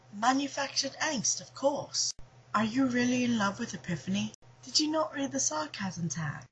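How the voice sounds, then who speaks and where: A woman's voice: lowish voice, fairly bright tone, slight background noise. A woman from the cast chatting casually, reading listener questions aloud and answering them with sarcastic asides. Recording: dull lo-fi home recording.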